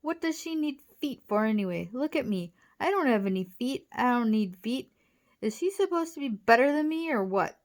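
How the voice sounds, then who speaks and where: A woman's voice: fairly high pitch, expressive, moderate pace, pitched above the performer's own voice, lightly acted. A woman reading aloud, voicing a self-pitying, indignant giant slug in a children's storybook. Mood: smug. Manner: indignant, yelping in pain.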